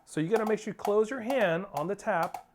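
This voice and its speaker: A man's voice: high-pitched, fairly quick, noisy background. A male percussion teacher giving a drum lesson, coaching steadily, counting off and singing rhythms as syllables. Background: percussion playing.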